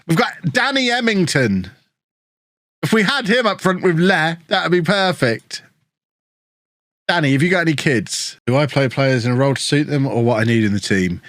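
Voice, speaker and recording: A man live-streaming a football management game, chatting with viewers and reacting excitedly to the match. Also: a little high, moderate pace, no echo, clean studio sound. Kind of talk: casual live-stream commentary.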